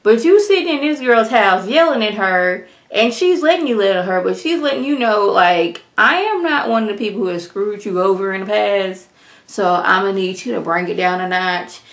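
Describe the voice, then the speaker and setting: A woman reviewing a reality show in a casual vlog, talking straight to her viewers in an animated way and mimicking the cast now and then. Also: medium pitch, normal speed. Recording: roomy echo.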